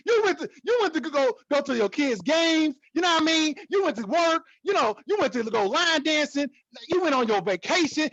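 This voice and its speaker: A man teaching stock trading in a casual, excitable way, repeating himself and hyping up his viewers. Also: extremely high pitch, fairly quick, few pauses, no echo, highs cut off. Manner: excitable, repetitive, hypes the viewer. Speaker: trading educator. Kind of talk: casual teaching talk to camera.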